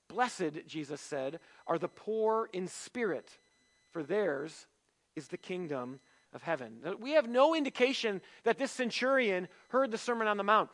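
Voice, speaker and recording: High-voiced pastor preaching conversationally. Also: male voice, fairly bright tone, poor audio. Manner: conversational preaching with rhetorical questions and self-deprecating humor. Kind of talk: sermon. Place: church.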